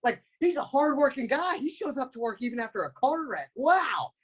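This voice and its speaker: A young man acting out his panicked ten-year-old self in a high, frantic voice. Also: big pitch swings, normal speed, a bit bright, slightly rough, heavily acted. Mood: alarmed. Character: panicked wide-eyed ten-year-old boy, gushing.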